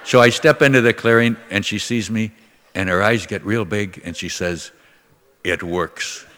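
Older male priest from the Midwest, low voice, folksy storytelling sermon, echo of a big hall. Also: normal speed, heavy background noise. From Minnesota, USA. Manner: conversational and folksy, acts out voices in anecdotes.

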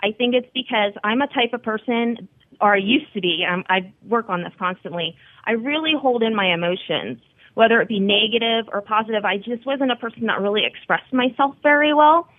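A woman who founded a wellness site is interviewed over the phone, speaking earnestly and encouragingly about her own experience. Her voice is on the high side and a little fast. The recording is dry, with a tinny telephone sound.

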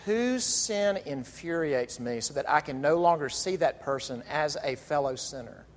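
A male pastor delivering an animated, emphatic sermon, drawing out key phrases. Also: a little high, moderate pace. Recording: long reverb of a large hall.

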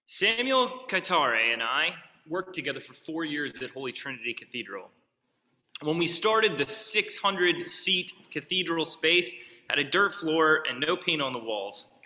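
A man's voice: fairly high pitch, sharp tone. A man preaching a sermon as pastor, telling stories in a conversational way with asides. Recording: long reverb of a large hall.

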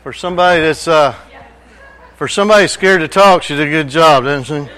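A man's voice: on the high side, brisk, a bit bright, clear, resonant tone, low-quality recording. A man introducing a church member at a service in a folksy, encouraging way.

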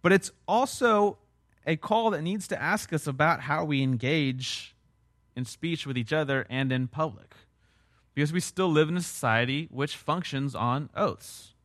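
A man's voice: fairly high pitch, measured pace, a bit bright, dry recording, studio quality. A man preaching a sermon as a pastor, earnest and emphatic, with repeated phrases and rhetorical questions.

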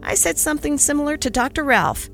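A woman's voice: high voice, big pitch swings, fast, creaky, a bit bright, faint music behind, voice pushed up, full character voice. A woman voicing a kindly, fussy older male country doctor in a storybook reading, grumbling with good humor. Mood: grumbling, jovial. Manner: grumbling good-humored, old-fashioned phrasing.

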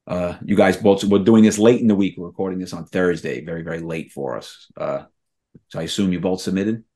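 A man's voice: low-pitched, a little fast, warm tone. A man hosting a podcast in casual chat, leading the talk and asking the others questions. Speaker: podcast host.

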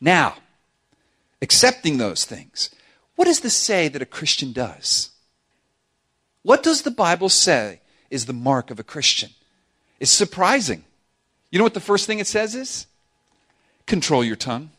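A middle-aged man preaching a sermon to a church congregation, humorous and animated, acting out quoted voices. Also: high-pitched, unhurried, long pauses, slightly rough. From South Florida. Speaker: pastor.

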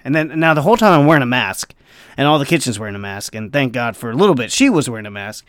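A man's voice: medium pitch, sing-song, fast talker, fairly bright tone, dry recording, studio quality. Rambling male server telling a story. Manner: rambling, acts out the people in his story. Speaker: restaurant server. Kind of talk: casual storytelling vlog. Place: near Los Angeles.

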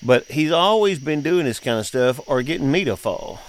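Here a podcast host and dad spins family stories in a relaxed, folksy drawl, laughing often as he goes. He's middle-aged, and his voice sits a little high, expressive and at a moderate pace.

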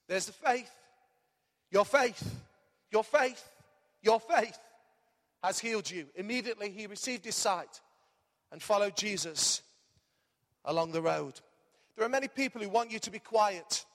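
A man preaching a lively sermon as pastor, his voice strained, calling the congregation to repeat words back. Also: high-pitched, measured pace, long pauses, big-room sound. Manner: energetic, animated preaching with call-and-response.

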